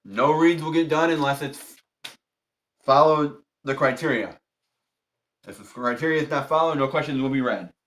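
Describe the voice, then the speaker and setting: A man hosts a tarot stream in a fairly high, slightly bright voice, speaking at normal speed with long pauses. He chats casually with viewers while politely but strictly repeating firm instructions to his chat.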